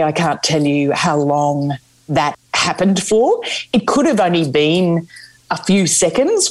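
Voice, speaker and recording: A woman's voice: on the low side, rough recording. Candid woman telling her story. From Australia. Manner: candid, expressive, slows for emphasis. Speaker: guest, memoir author. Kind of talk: interview storytelling.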